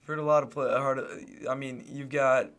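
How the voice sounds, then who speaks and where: A man co-hosting a radio show, chatting in a relaxed, hesitant way with many fillers. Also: medium pitch, moderate pace, smooth. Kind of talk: casual radio chat. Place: radio studio.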